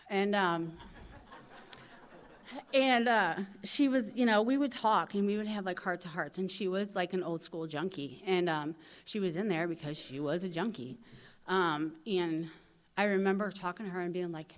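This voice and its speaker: A woman from St. Louis speaking at a recovery convention. She talks casually, fills her speech with "you know," and acts out other people's lines in lively voices. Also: fairly low pitch, moderate pace. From St. Louis, USA. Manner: casual storytelling, heavy on "you know" fillers. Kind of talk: personal recovery talk. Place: convention hall.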